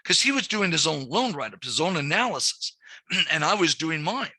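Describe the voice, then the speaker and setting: A man's voice: on the high side, very animated, normal speed, bright, forceful tone, breathy edge, no echo. A middle-aged man teaching commercial lending, lecturing in a conversational way with frequent restarts. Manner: conversational, repeats words and restarts. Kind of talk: classroom lecture with anecdotes.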